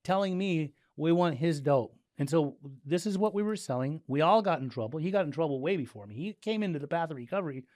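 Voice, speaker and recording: A middle-aged man from Southern California, a guest in a casual interview, telling his story with animated delivery and acting out the dialogue. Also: on the high side, quick pace, few pauses, dry recording, studio quality. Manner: animated, acts out dialogue, frequent "like" and restarts.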